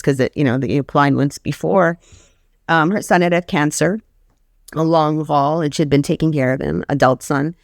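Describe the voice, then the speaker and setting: A woman's voice: sits low, moderate pace, dry recording. Earnest woman telling stories, dry sound. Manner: earnest storytelling, acts out quoted voices. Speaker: podcast guest, sabbatical grant funder. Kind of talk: casual conversation.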